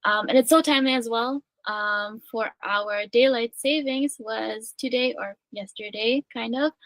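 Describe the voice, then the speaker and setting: A woman hosting a live radio show in a relaxed, casual way, with frequent ums and uhs. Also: on the high side, unhurried, dry recording, rough recording. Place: radio studio.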